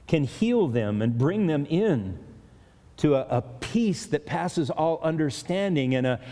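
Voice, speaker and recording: A man's voice: fairly high pitch, mellow. A man preaching an expository sermon in an earnest, conversational way, speaking directly to his listeners. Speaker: pastor. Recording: long hall reverb.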